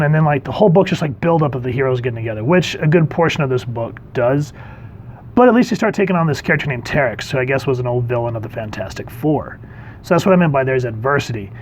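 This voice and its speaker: A man casually reviewing a comic book, animated and acting out the characters' lines in quick voices. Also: fairly high pitch, slight background noise.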